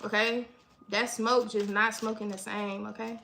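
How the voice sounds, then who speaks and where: A woman's voice: mid-range voice, flat delivery, measured pace, creaky, pushed and bright, slight background noise. A woman giving a casual livestream reading, talking loosely and profanely and ending almost every line with "okay?". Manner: repetitive, keeps asking "okay?", profane. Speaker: livestream tarot reader.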